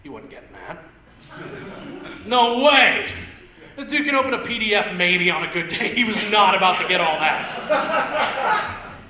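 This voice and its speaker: A young man from Indiana doing a stand-up comedy set on a theater stage, telling rambling stories and punching lines with sudden shouts. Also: sits high, very animated, unhurried, pauses often, crowd noise. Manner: loose, rambling storytelling with stutter-mimicking bits and sudden shouted punchlines. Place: theater stage with live audience. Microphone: handheld stage mic. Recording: roomy theater sound.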